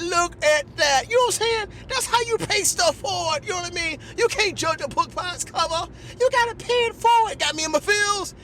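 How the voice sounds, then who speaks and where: A man hosting a podcast, telling comic stories in an animated, repetitive way. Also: extremely high pitch, slight background noise. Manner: animated, repetitive, lots of "listen" and "you know what I'm saying". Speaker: podcast host. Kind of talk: comedic storytelling monologue.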